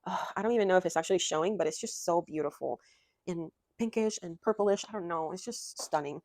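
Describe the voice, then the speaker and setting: A young adult woman chatting excitedly about cross stitch in a casual vlog from her home craft room, rambling and gushing with lots of fillers. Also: on the low side, a little fast, no room sound.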